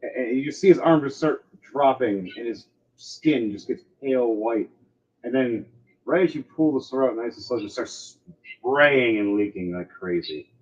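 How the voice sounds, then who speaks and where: Guy gm narrating a tabletop game, gets animated, kinda dull lo-fi sound. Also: mid-range voice, moderate pace. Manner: animated, acts out sound effects and cries. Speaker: game master.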